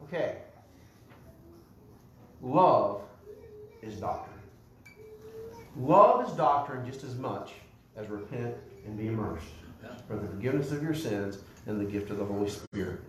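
A man's voice: lowish voice, a little slow, pauses often, a little hiss or hum. A man preaching a sermon as pastor. He speaks with animation, repeats words as he builds each point and asks the congregation to answer him. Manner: animated preaching with call-and-response questions to the congregation. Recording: echoey room.

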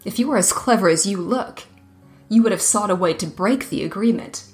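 A woman's voice: medium pitch, brisk, darkish tone, faint music behind, close to an everyday voice. A woman voicing an old crone enchantress who cackles and speaks shrewdly in a storybook reading.

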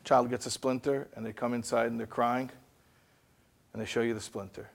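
Gravelly, husky-voiced man lecturing. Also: medium pitch, flat delivery, normal speed. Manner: storytelling with rhetorical questions and acted-out dialogue. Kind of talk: animated motivational lecture.

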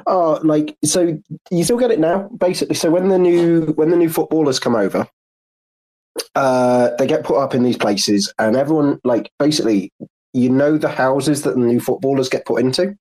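A man explaining things in a halting, agreeable way during a casual online audio chat. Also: a little high, a little mellow.

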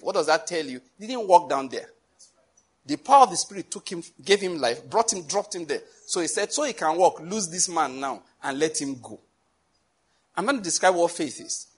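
Husky preacher guy, fired up and emphatic, keeps asking if you get his point. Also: on the high side. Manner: animated, emphatic, repeats "I hope you're getting my point". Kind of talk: sermon.

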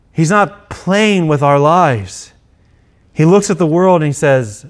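A man's voice: a little high, animated, slow pace. Earnest man preaching a sermon. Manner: earnest, repeats and restarts phrases, acts out quoted voices. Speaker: pastor.

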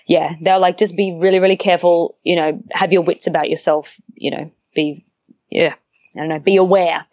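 A young woman, a guest telling a story in a relaxed, chatty way, often laughing and acting out the voices of the people in it. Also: lowish voice, dry recording, highs cut off. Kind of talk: casual storytelling interview.

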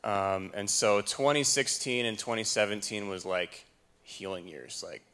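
Low-voiced man sharing a faith story. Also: a little slow, a bit bright. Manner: casual, conversational, affirming. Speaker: podcast co-host. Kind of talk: candid faith testimony chat.

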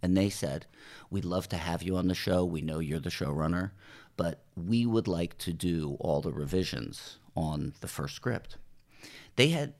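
A middle-aged man from New Jersey, a TV showrunner, telling animated stories in a podcast interview and acting out what people said. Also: sits low, unhurried, vocal fry. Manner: animated anecdotes, acts out quoted voices, swears casually. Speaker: TV writer and showrunner, podcast guest. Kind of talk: casual storytelling interview.

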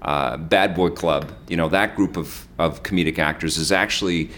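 A man's voice: a bass voice, moderate pace, a bit bright. A man co-hosting a movie podcast, rambling casually with many fillers and restarts. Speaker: podcast co-host. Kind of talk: casual movie-review chat.

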